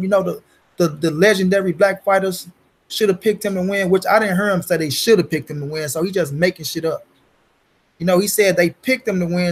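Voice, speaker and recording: A man's voice: sits high, breathy edge, poor audio. A man hosting his own boxing talk channel, ranting bluntly and profanely in a casual monologue, repeating points and throwing in "you dig" and "bro.".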